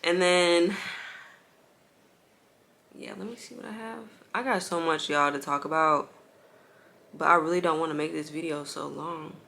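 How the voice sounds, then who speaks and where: This young woman's voice sits low, gravelly and sharp, moving a little slowly with long pauses. A vlogger, she shares her story with viewers in a loose, chatty way, saying "like" constantly and calling them y'all. Meanwhile she bounces on an exercise ball at home, a baby with her.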